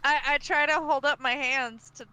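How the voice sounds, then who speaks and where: A woman's voice: sits high, fairly even intonation, moderate pace, pushed and bright, poor audio. A woman playing a tabletop game, talking in a playful, laughing way. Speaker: player. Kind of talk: casual tabletop game chat. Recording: clear background noise and clicks.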